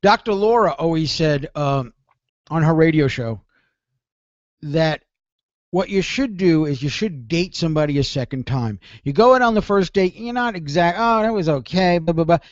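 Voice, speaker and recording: Male call-in radio host, high-pitched, rambles and runs himself down; dead, muffled audio. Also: lively intonation, moderate pace, dry recording. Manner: rambling, self-deprecating, repeats himself. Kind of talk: confessional call-in radio monologue.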